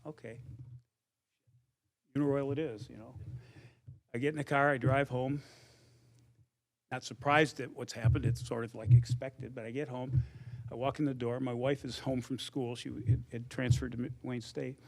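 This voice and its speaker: A man's voice: medium pitch, steady tone, normal speed, creaky, pauses often. An older man giving an anecdotal acceptance speech, telling his story conversationally and acting out quoted dialogue. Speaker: hall of fame inductee.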